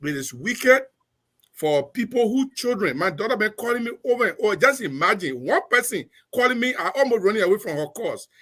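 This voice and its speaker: A man's voice: high voice, sing-song, quick pace, few pauses, sharp tone. A man giving impassioned political commentary on a talk show, emphatic and repeating his points. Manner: preachy, emphatic, repeats phrases.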